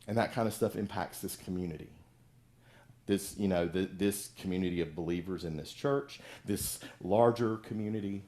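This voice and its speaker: A man's voice: sits low, moderate pace, dark tone. Man preaching a conversational sermon. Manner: conversational preaching, acting out voices of people in the story. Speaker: pastor.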